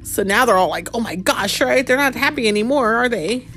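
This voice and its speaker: A woman reading a picture book aloud to a child, animated and asking the child many questions. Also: on the high side, a little fast, soft background music. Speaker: reader to a child.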